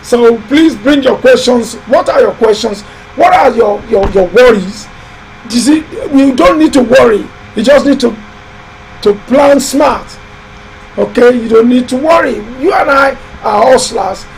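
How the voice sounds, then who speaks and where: A very high-pitched man talks loudly and emphatically, hosting a live building-advice stream. He repeats himself and exhorts his viewers like a preacher. A faint hiss runs under the recording. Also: measured pace, vocal fry, low-quality recording. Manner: loud, emphatic, exhorting and repetitive. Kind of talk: live-stream motivational talk.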